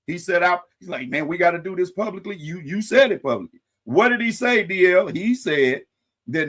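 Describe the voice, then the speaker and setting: A man hosting a live-stream commentary, pitched a touch high for a male voice. He talks casually and animatedly straight to his viewers, throwing in folksy sayings and wry asides. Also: lively intonation, a little fast, a bit bright. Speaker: host.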